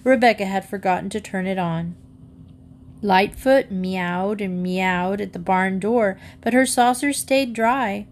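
A woman reading a children's book aloud, in an expressive storytelling manner. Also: mid-range voice, measured pace, a little hiss or hum. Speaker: narrator.

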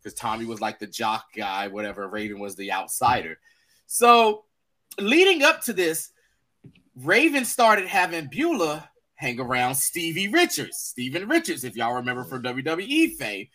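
A man's voice: mid-range voice, very animated, moderate pace, sharp tone. A man co-hosting a podcast, retelling a story in casual chat and acting out the quotes in raised voices. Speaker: podcast co-host.

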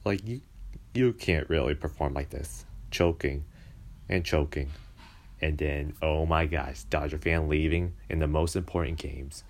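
A man's voice: very deep voice, unhurried. A man giving a casual, exasperated rant about baseball, mocking and complaining as he talks. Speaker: baseball fan commentator.

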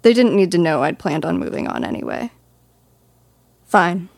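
A woman's voice: deep voice, wildly swooping pitch, fast, gravelly, warm tone, no echo. A woman narrating a first-person fantasy audiobook in a dry, wry storytelling manner.

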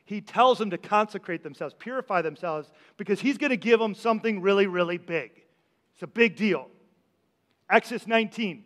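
A man preaching a sermon as pastor, talking conversationally, asking the congregation questions and often repeating his words. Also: high voice. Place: church sanctuary. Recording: long church hall reverb.

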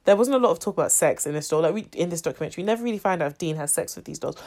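A woman's voice: lowish voice, expressive, racing, warm tone. Chatty opinionated woman co-host. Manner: chatty, lots of "like" fillers, opinionated. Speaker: podcast co-host. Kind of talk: casual chat reviewing a documentary.

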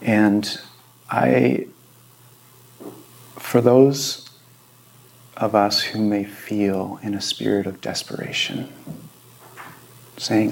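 A middle-aged male pastor preaching in a church, his voice low-pitched and gravelly. He tells stories conversationally, swinging from loud emphatic bursts to hushed, whispered pleas. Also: flat delivery, extremely slow, pauses often. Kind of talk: sermon. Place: church sanctuary.

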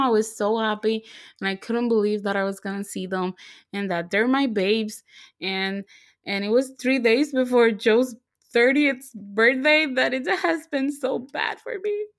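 A young woman co-hosting a podcast, telling a story in a casual, excitable way, full of fillers and restarts. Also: on the high side, measured pace. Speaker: podcast co-host. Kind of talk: casual chat.

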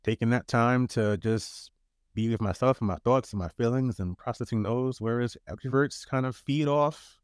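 A man's voice: mid-range voice, normal speed, clear, resonant tone, no echo, clean studio sound. A man co-hosting a podcast in a laid-back, joking way, often restarting his words. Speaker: podcast co-host. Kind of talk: casual chat.

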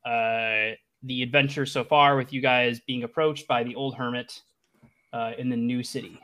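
A man runs a tabletop game for his friends, his voice bright and clear. He narrates loosely, stopping to restart with plenty of fillers. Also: medium pitch, fairly even intonation, moderate pace. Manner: rambling, filler-heavy narration. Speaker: game master.

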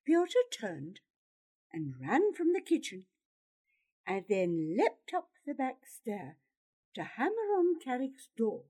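Slow, expressive woman storyteller. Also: a little high, slightly rough. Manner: expressive, dramatic reading. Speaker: storybook reader. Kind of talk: storybook narration.

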